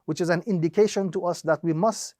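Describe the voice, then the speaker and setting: A man teaching Quran recitation, explaining each rule slowly and step by step, drawing out the example words and repeating the steps methodically. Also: high voice, darkish tone, no room sound, studio quality. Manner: slow, deliberate explanation with drawn-out demonstrations. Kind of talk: instructional lesson.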